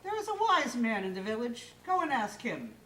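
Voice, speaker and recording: A bossy, insistent wife with a high, pressing voice, as a woman storyteller puts her on. She sounds distant in a roomy hall at a live show. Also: huge pitch swings, normal speed, a bit bright, slight background noise. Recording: echoey hall from far off.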